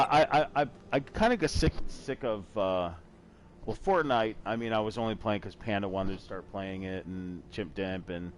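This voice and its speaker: A middle-aged man with a fairly low-pitched voice hosts a casual gaming chat show, and a little hiss or hum is audible. He rambles and pokes fun at himself, now and then slipping into a joking put-on accent as the podcast host.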